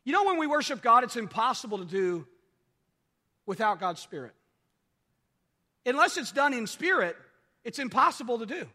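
A man's voice: very high voice, sing-song, moderate pace, long pauses, bright, forceful tone. A man preaching a sermon, repeating key phrases and checking in with the congregation. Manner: repetitive call-and-response preaching, asks "are you with me". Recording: long hall reverb.

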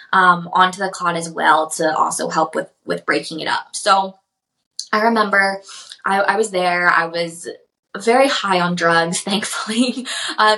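Bright, gravelly-edged young woman storyteller. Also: fairly low pitch, rough recording. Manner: chatty, lots of "like" and "um", gets emotional in places. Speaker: podcast host. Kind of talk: personal storytelling.

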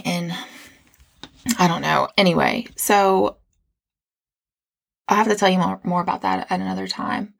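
A woman's voice: mid-range voice, creaky. A woman hosting a faith podcast, telling her own spiritual story in an earnest, rambling way with many restarts. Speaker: podcast host. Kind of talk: casual faith podcast testimony.

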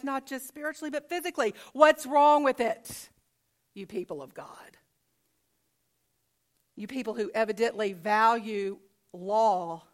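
A woman preacher voicing Jesus as a firm male teacher who repeats his points insistently. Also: high voice. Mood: challenging.

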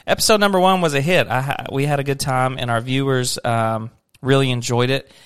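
A man's voice: medium pitch, brisk, clear, resonant tone, no room sound, clean studio sound. A man in his thirties hosting a casual family podcast with his daughter, joking and teasing. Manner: joking, teasing, bursts into laughs. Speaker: podcast host and dad.

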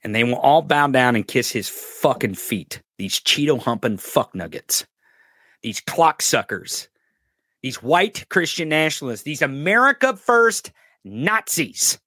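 A man's voice: medium pitch, very animated, measured pace, sharp tone, no echo, clean studio sound. A man hosting a political commentary podcast, ranting with heavy profanity and sarcasm. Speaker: podcast host.

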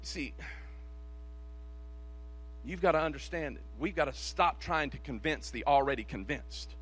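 A man pastor delivering a sermon to his church, swinging between shouted calls and hushed, quick asides in a rhythmic, repetitive preaching cadence. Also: on the high side, lively intonation, husky, soft background music. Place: church service.

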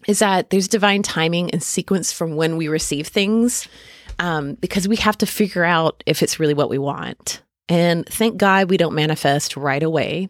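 A woman's voice: on the low side, no echo. Woman host, casual self-deprecating chatter, dry close recording. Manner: chatty and self-deprecating, laughs often, lots of ums and likes. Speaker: podcast host doing a tarot reading. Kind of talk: casual spiritual podcast monologue. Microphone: podcast mic.

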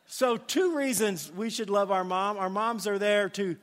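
High-voiced man preaching in a reverberant hall. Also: measured pace, a bit bright. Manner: storytelling with folksy asides and many fillers. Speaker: pastor. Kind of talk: sermon.

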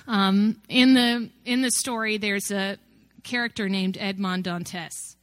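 A woman speaks earnestly at a mid pitch, giving a reflective faith talk. She builds her points through a string of rhetorical questions. The recording is dry and close, with no room echo. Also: measured pace. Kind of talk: personal testimony talk.

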